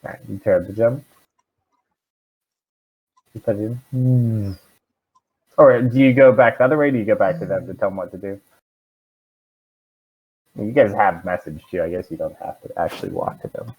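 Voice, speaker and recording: A man's voice: on the low side, moderate pace, long pauses, slightly rough. A man as dungeon master, narrating a tabletop game and asking the players questions, thinking aloud with fillers. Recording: dull lo-fi stream audio.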